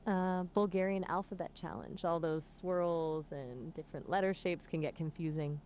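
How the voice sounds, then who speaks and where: A woman's voice: fairly low pitch, steady tone, moderate pace, a little mellow, a little hiss or hum. A synthetic woman's voice acting as an AI companion, chatty and full of playful quips. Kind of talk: conversational AI chat.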